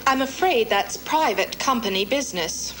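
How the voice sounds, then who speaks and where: An actress playing a polite, guarded office receptionist who speaks formally. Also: female voice, a little high, expressive, normal speed, a little hiss or hum, poor audio. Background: loud film music.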